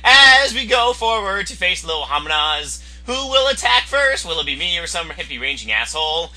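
A young man with a very high, piercingly bright voice rattles off profane commentary over his gameplay. His pitch swings wildly as he jeers at rivals and bursts into yells. The delivery is loud, unfiltered and excitable. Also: moderate pace. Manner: excitable, crude, yelling at opponents.

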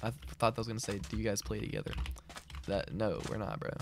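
A man's voice: fairly low pitch, fast, creaky, background noise. A man streaming a game live, chatting casually and reading out and answering his chat. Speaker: gaming streamer. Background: game music and keyboard typing.

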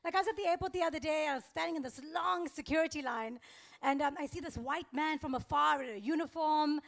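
Young woman doing standup, high voice with some gravel in it, deadpan fake-innocent storytelling. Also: fast. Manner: deadpan, faux-naive storytelling with laughs. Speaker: stand-up comedian. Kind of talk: stand-up comedy set.

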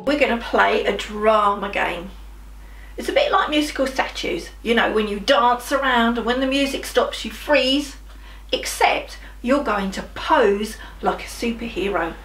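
Brief: high-voiced, animated woman teacher, speaks slowly and clearly, recorded from a distance with music playing. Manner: animated, encouraging, playful sound effects. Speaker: primary school drama teacher. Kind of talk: leading a children's drama game. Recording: roomy, voice from a distance, music behind.

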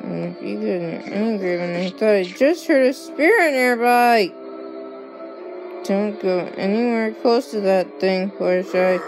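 A woman commenting on a game, reacting with excitable, alarmed outcries. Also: mid-range voice, a little slow. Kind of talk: reacting to gameplay. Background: game music.

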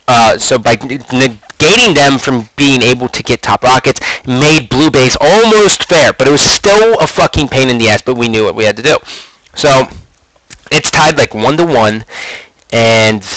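A man's voice: medium pitch, dry recording, low-quality recording. A young man hosting his own show, telling a long casual story with lots of swearing and acted-out quotes. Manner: profane, animated storyteller, acts out quoted lines. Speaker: podcast host.

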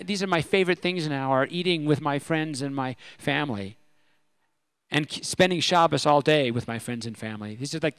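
A middle-aged man telling a personal story at a convention, animated and self-deprecating. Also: fairly high pitch, smooth, dry recording. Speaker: speaker at a religious convention.

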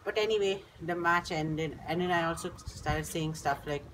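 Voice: medium pitch, fairly even intonation, moderate pace, few pauses, noisy background. A teenage student, telling a story in a chatty, rambling way with frequent restarts. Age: teens. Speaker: school student. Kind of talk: casual storytelling monologue.

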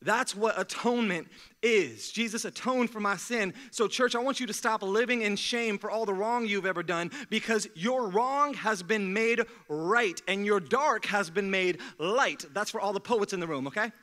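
Young male pastor, high bright voice, energetic sermon with humor. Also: normal speed. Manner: energetic call-and-response preaching with jokes. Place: church sanctuary.

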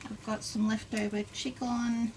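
A chatty woman talks her viewers through cooking a bowl of ramen, step by step. Pans clatter, cutlery clinks and food sizzles loudly behind her voice. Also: on the high side, level tone, measured pace. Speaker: mukbang host. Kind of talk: casual cooking vlog narration. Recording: loud kitchen noise behind her. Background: cooking, cutlery and pan sounds.

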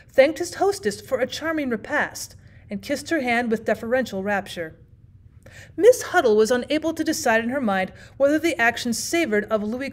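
Expressive woman teacher reading a classic story. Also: fairly high pitch. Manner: steady, expressive reading with frequent "well" fillers. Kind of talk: audiobook narration.

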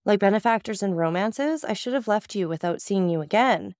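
A woman reading the lines of a composed, persuasive nobleman in an audiobook, courteous and measured. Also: mid-range voice, expressive, a little mellow, no echo, clean studio sound, lightly acted.

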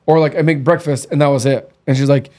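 A man's voice: a little high, fairly even intonation, quick pace, mellow. A man in his thirties hosting, telling blunt, candid stories in a casual chat. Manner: blunt, candid storytelling with quoted dialogue. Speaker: podcast host.

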